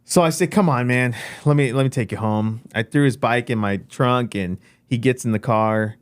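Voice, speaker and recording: A man casually telling a personal faith story, acting out his own lines with lively emphasis. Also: medium pitch, moderate pace, no room sound.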